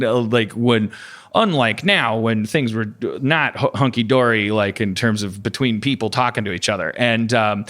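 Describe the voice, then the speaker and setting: A man chatting on a comedy podcast, rambling and halting, with lots of restarts and fillers. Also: mid-range voice, pushed and bright. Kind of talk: casual comedy podcast chat.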